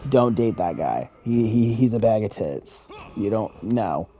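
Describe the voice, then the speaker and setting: A man's voice: fairly low pitch, expressive, measured pace, mellow. A man voicing a short-tempered, protective wrestler father in a retold game storyline, blunt and profane. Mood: scolding.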